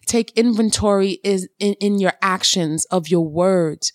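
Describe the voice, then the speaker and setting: Expressive woman podcaster, slow emphatic talk. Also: medium pitch, dry recording, studio quality. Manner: expressive, preachy, emphatic repetition. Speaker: podcast host. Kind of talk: casual talk with karaoke singing.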